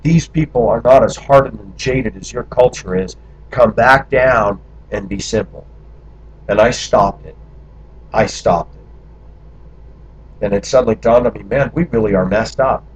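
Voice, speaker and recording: A man's voice: on the low side, measured pace, long pauses, husky. A man from the United States telling personal memories in a candid monologue, talking through them in long run-on stretches. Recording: dull lo-fi recording.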